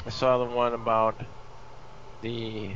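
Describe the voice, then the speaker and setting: A man's voice: medium pitch, monotone, slow, a bit bright. Man telling an anecdote, lo-fi. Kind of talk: casual chat. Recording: dull lo-fi sound with faint hiss.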